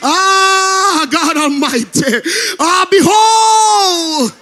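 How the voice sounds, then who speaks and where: A male pastor preaching a sermon in a chanted, sing-song cadence with rhythmic breaths, building to shouted passages. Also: very high voice, lively intonation, very slow. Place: church service.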